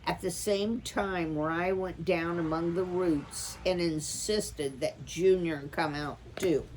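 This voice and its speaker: A woman reading a children's chapter book aloud as a storytime reader, calm and measured. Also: fairly low pitch, a little hiss or hum, low-quality recording.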